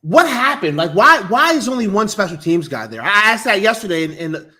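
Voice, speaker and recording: A man co-hosting a casual sports podcast, excitable and profane, breaking into loud outbursts. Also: sits high, brisk. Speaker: podcast co-host.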